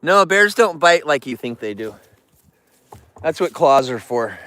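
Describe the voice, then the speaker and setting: Bright, clear-voiced man chatting on a livestream. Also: fairly high pitch, very animated, a little slow, no room sound. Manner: chatty and emotional, greeting viewers and animals by name. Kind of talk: casual livestream chat to viewers.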